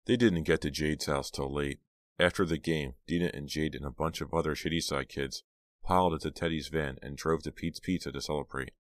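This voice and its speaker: Very deep-voiced male audiobook narrator. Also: steady tone, dry recording, studio quality. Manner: measured storytelling. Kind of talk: scripted narration.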